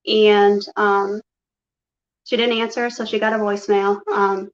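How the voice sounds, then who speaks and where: A woman guest shares her personal story in a flat, measured, medium-pitched voice, rambling and relaying conversations with "he's like" and "I'm like." The audio is dull, muffled, and lo-fi.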